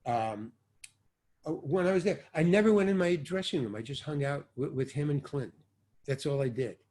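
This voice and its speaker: An older man being interviewed about his acting work, telling stories in a loose, animated way and acting out the dialogue, sometimes with a curse. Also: on the high side, normal speed. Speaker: actor interviewee. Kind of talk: casual anecdotal storytelling.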